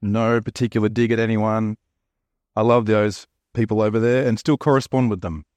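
A man's voice: lowish voice, fairly even intonation, moderate pace, darkish tone, no room sound. A man with an Australian accent preaching a sermon, telling stories and jokes in a chatty, conversational way. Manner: chatty, joking storyteller. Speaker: pastor.

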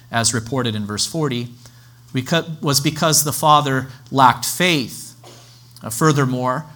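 A male pastor preaching a sermon in a measured, expository way, now and then stopping to restart a phrase. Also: mid-range voice, bright, forceful tone.

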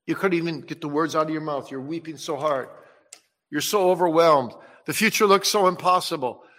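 A male preacher delivers a fervent sermon in a somewhat high, bright and forceful voice. He swells to loud, slow declarations and sinks to hushed pleading. The sound carries a long reverb from a large hall. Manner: impassioned, swells loud on quoted words of Jesus and drops soft on pleading.

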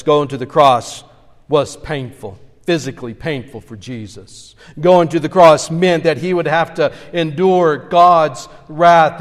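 Pastor guy preaching, kinda high voice, long echo off the church walls. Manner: earnest expository preaching, retelling scripture scenes. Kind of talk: sermon. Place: church sanctuary.

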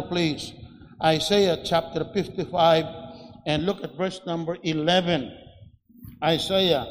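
A man preaching a sermon in a church, slow and deliberate, with frequent restarts and fillers. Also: a little high. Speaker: pastor. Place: church sanctuary. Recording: echoey church hall.

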